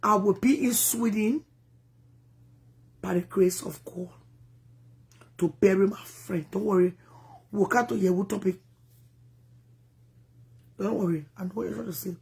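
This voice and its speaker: A woman with a Liberian accent giving animated, rambling commentary in a casual vlog. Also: medium pitch, normal speed, creaky, pauses often. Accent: Liberian English. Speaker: vlogger.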